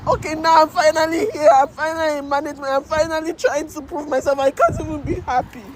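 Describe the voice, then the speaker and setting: A woman's voice: high-pitched, normal speed. A woman, tearful and raw, venting her frustration through repeated swearing while standing by a road. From Nigeria. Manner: raw, repetitive, swearing, breaking down. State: crying. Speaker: emigrant sharing her story. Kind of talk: emotional venting to camera. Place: outdoors by a road. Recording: loud traffic noise behind.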